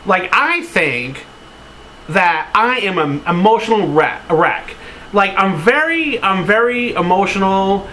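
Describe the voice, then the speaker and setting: Male vlogger, high bright voice, rambling and filler-heavy, openly sentimental, casual cursing. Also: animated, slow pace, slight background noise, low-quality recording. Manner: open, sentimental storytelling. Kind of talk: casual to-camera vlog.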